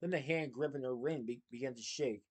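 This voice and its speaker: A man reading a children's book aloud, steady with small slips and restarts. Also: medium pitch, fairly quick.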